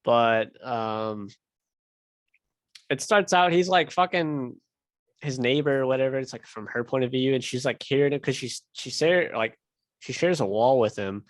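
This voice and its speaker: A young man tells a long story in loose casual chat, swearing freely and leaning on fillers. His voice sits at an ordinary pitch. The sound is dry and close, with almost no room in it. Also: a little slow, no echo. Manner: rambling, profane, filler-heavy storytelling. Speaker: podcast host.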